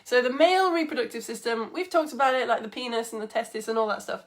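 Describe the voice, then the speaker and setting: A woman's voice: on the high side, fast talker. Bubbly chatty woman science teacher. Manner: chatty, bubbly, greets viewers by name. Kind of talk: live online lesson for children.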